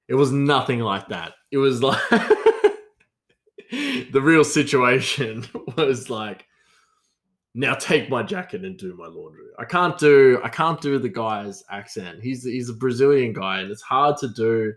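A man's voice: mid-range voice, expressive, unhurried, fairly bright tone. Rambling man telling casual stories. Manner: rambling, lots of fillers and restarts, frequent laughter. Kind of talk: casual storytelling.

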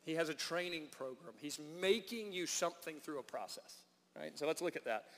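A man preaching a sermon as pastor, hushed when praying and emphatic when driving points home. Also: on the high side, brisk. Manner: prayerful and hushed in prayer, then animated and emphatic when preaching. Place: church sanctuary. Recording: reverberant church hall.

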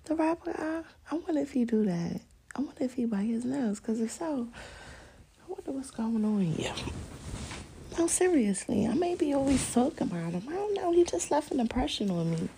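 A woman's voice: sits high, big pitch swings, moderate pace, gravelly, warm tone, a little hiss or hum. A woman hosting a podcast, rambling through a personal story in a candid, profane, casual monologue and laughing often. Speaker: podcast host.

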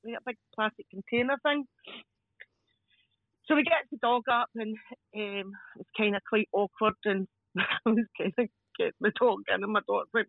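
A Scottish woman telling stories casually as a podcast guest, animated and laughing often as she acts out voices. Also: mid-range voice, normal speed, no room sound. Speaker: podcast guest, crime scene cleaner. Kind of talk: casual storytelling chat. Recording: dull lo-fi dry sound.

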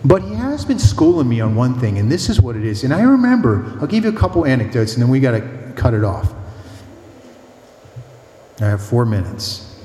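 A man preaches a mission talk as a priest, telling anecdotes with rhythmic repetition and a lively delivery. His voice is mellow and warm. It rings through a church hall with a long reverb. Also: mid-range voice, fairly quick.

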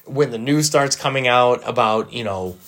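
A man's voice: medium pitch, fairly bright tone. Playful laughing man co-hosting a podcast. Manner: playful, laughs often, quick asides. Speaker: podcast co-host. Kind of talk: casual sports podcast banter.

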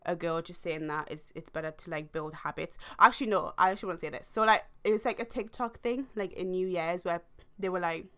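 A young woman, telling a long story to her viewers in a rambling, animated way, full of slang and fillers. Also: lowish voice, brisk, clear, resonant tone. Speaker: vlogger. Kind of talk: casual storytime monologue.

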